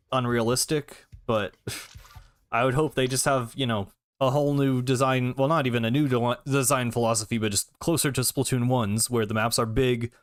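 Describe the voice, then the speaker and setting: A man's voice: mid-range voice, no room sound, clean studio sound. A young man streaming a game, chatting casually and hesitantly, answering chat between plays.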